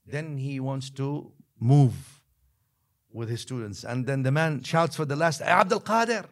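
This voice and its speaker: A man of middle pitch tells a story as a podcast guest, recorded on a studio mic. He is animated and then sinks to a hushed near-whisper for the dramatic moments, slipping Arabic phrases into his English. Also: a little slow. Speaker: guest religious scholar.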